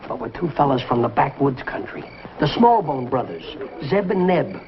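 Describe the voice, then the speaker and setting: A man's voice: mid-range voice, big pitch swings, moderate pace. A man acting the lead in an old sitcom, eager and bossy. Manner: eager, bossy pep talk. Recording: muffled old TV sound, audience and noise.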